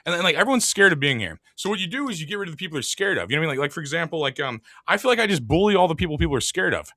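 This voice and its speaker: A man's voice: on the high side, big pitch swings, rapid-fire, sharp tone, dry recording. A man hosting a podcast in casual, profane chat, rambling with many filler words. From lives in Saint Louis. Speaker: podcast host.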